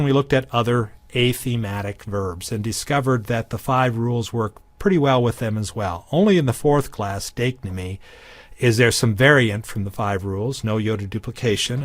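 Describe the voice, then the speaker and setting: A man's voice: fairly low pitch, normal speed, no echo. A man teaching a recorded lesson on biblical Greek grammar, with dry humor and frequent ums and restarts. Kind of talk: recorded lecture.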